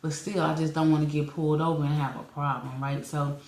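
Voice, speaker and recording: A woman's voice: deep voice, brisk. A woman in her forties, telling a long personal story on a podcast, acting out what people said and laughing often. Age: 40s. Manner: animated storyteller, acts out quotes, laughs often. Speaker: podcast co-host. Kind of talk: casual storytelling chat. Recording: echoey room.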